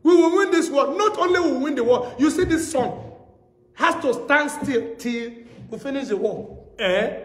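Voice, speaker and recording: A man's voice: very high-pitched, moderate pace. A man preaching a sermon as pastor, telling stories and repeating phrases for emphasis. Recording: echoey hall.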